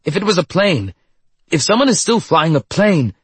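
A man voicing an excited doctor who yells eagerly in a storybook reading. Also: high voice, normal speed, breathy edge, dry recording, voice pushed up, full character voice. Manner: eager, shouting.

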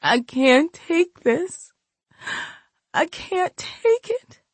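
A woman plays a young woman sunk in grief, snapping bitterly and near tears. Her voice rises high and strained. The recording is dry and close. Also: animated, moderate pace, a bit bright, no room sound. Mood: sobbing. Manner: bitter, tearful.

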